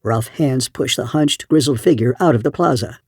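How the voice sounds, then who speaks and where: A man narrating an audiobook in a steady storytelling voice. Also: mid-range voice, moderate pace, no room sound, studio quality. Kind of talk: scripted narration.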